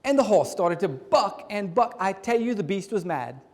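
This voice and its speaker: A man putting on a deadpan Cajun hunting buddy. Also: sits high, moderate pace, long reverb tail, pitched above the performer's own voice. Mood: earnest. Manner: deadpan, matter-of-fact storytelling.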